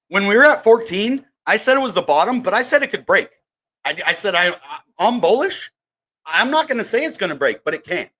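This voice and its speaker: A man's voice: on the high side, sharp tone. A man hosting a crypto channel livestream, rambling in casual chat with lots of fillers and greeting viewers from the chat. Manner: rambling, full of fillers and asides. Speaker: crypto YouTuber.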